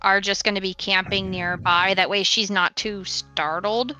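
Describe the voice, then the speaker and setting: A woman's voice: medium pitch, steady tone, a little slow, sharp tone, soft background music. A woman playing in a tabletop game, asking the group questions in a questioning, incredulous way. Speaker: player.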